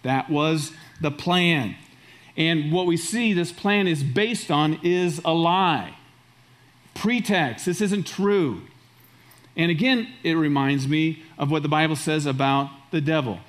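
Middle-aged male pastor, fairly high voice, emphatic sermon delivery. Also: slow pace. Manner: emphatic, repeats phrases for stress.

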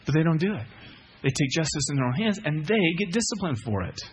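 A man preaching a sermon with animated swings from loud outbursts to hushed lines, mixing in casual asides and self-mocking humor. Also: a little high, fast talker, a little hiss or hum. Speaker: pastor.

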